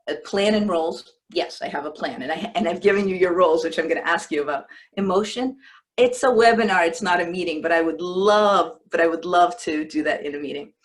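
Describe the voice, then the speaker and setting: A woman coach giving a live webinar from her desk over a computer mic, talking in a conversational way and often breaking off to restart a word. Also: on the low side. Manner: conversational, breaks off and restarts words, acts out example lines. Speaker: leadership coach presenting a webinar. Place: at a desk, home or office.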